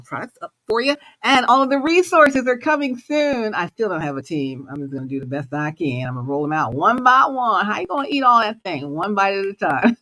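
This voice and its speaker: A woman hosting her own show, talking through a casual motivational monologue with lively swings in pitch and loudness and frequent laughter. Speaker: host.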